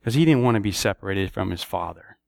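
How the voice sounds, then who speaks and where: A man preaching a sermon, telling stories and acting out prayers and dialogue with sudden rises in pitch. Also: animated, fast talker, gravelly, a little mellow, dry recording, studio quality.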